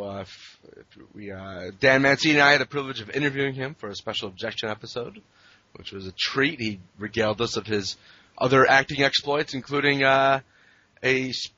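Bright-voiced man hosting a chatty podcast. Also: medium pitch, dry recording, muffled recording. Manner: laughs often, easygoing. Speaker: podcast host. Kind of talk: casual chat.

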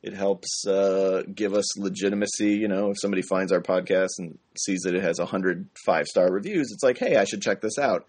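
A man's voice: deep voice, fairly even intonation, brisk, hardly any pauses, a little mellow. A man co-hosting a podcast in casual chat, talking earnestly and laughing easily. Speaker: podcast co-host.

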